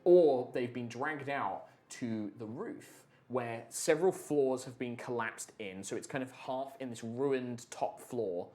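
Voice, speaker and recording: A man's voice: medium pitch, unhurried, hardly any pauses, darkish tone. A man running a tabletop superhero game, describing scenes with loose, filler-heavy narration. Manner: rambling descriptions with many fillers. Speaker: game master.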